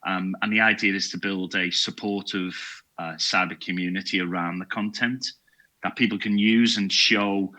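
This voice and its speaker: A man's voice: deep voice, steady tone, moderate pace, bright, forceful tone, poor audio. A man, a podcast guest and security trainer, chatting casually in a jokey, self-deprecating way. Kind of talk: casual chat.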